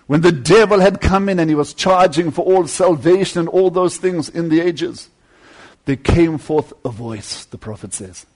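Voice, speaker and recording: A man preaching a sermon with fervent delivery, swinging between loud climbs and quieter asides. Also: fairly high pitch, husky.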